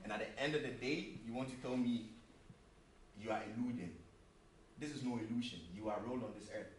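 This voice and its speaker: A man's voice: mid-range voice, fairly quick, echoey room. Guy preaching a sermon, earnest, lots of rhetorical questions, sounds far from the mic w/ faint hum. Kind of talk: sermon with a told joke.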